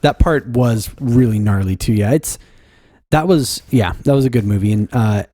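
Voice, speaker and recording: Male co-host, mid-pitched warm mellow voice, relaxed rambling chat, dry close recording. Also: moderate pace, no echo. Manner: laid-back and rambling, heavy on fillers and restarts. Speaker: podcast co-host. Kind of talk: casual chat.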